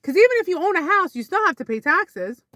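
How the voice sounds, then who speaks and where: A woman vlogging to camera, telling rambling casual stories about her mother with sudden high exclamations. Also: sing-song, fast, sharp tone, no echo, studio quality.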